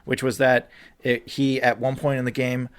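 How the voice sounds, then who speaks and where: A young man hosting a casual podcast, ranting with animated outbursts, swearing, and swinging between loud shouts and low muttering. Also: moderate pace, a little hiss or hum. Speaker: podcast co-host.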